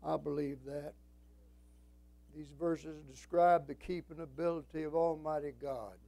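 A man's voice: fairly high pitch, mellow, dry recording, low-quality recording. An older man preaching a sermon as a pastor, folksy and emphatic, quoting scripture and telling stories.

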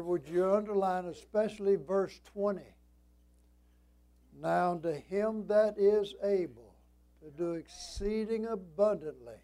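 A man preaching a sermon in an evening church service, with a strong preaching cadence that swings between emphatic rises and hushed drops. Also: sits high, creaky. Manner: slow and deliberate.

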